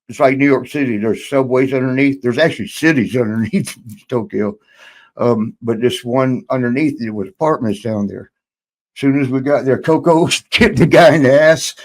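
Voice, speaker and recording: An older man, a guest in a shoot interview, telling a rambling story and laughing now and then. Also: mid-range voice.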